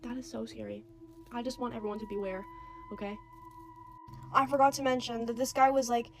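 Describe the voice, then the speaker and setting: Young woman, casual storytime, slightly high-pitched, animated retelling. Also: fast. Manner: animated, quotes others' voices, many "like"s.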